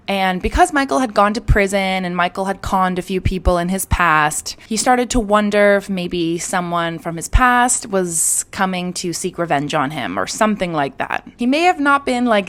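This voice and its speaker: A young woman with a medium-pitched voice hosts a true crime show, retelling the case casually and chattily, her speech peppered with "like" and "you know."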